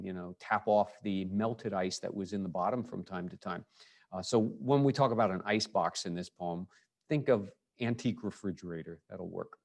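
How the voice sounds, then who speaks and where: Low-voiced man teaching a casual class. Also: a little mellow. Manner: conversational, many fillers and restarts. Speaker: high school English teacher. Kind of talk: recorded lecture.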